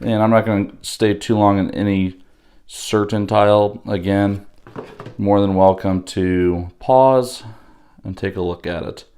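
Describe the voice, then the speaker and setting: A man with a slightly hoarse voice gives a casual, halting unboxing walkthrough, pausing often with fillers. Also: lowish voice, steady tone, dark tone. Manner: unhurried, halting, with many pauses and fillers. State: slightly hoarse from losing his voice. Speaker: board game unboxing host.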